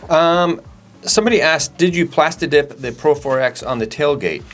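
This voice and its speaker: A man's voice: on the high side, moderate pace, background noise. A man co-hosting a parts store Q&A, answering in a plain, matter-of-fact way and spelling out part numbers. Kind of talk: casual Q&A chat.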